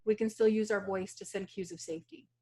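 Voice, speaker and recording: A woman's voice: medium pitch, fairly even intonation, fast talker, a little mellow. Earnest woman co-presenter. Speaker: mental health clinician. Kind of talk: co-presenting a training.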